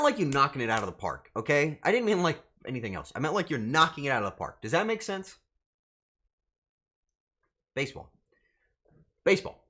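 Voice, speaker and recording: Animated, bright-voiced male streamer. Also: mid-range voice. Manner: animated, flustered, swearing banter with chat. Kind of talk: casual live-stream chat.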